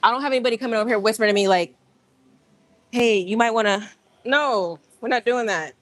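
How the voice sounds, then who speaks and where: Animated woman ranting on a livestream. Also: fairly high pitch, racing, no room sound. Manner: animated, rambling, talks straight to viewers. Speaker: livestream host. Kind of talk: casual live-stream chat. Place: gym.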